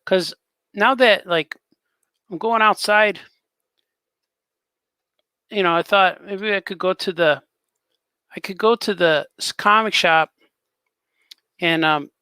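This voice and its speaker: A man's voice: high voice, slow, pauses often, pushed and bright, clear, resonant tone, dry recording. A man hosting a casual live stream as a cartoonist, rambling in an easygoing way and chatting with viewers.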